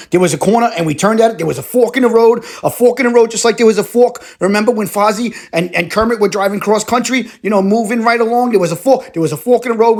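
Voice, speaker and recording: A man voicing a rambling, boastful middle-aged Brooklyn football superfan calling in to a sports radio sketch, with a Brooklyn accent. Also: high-pitched.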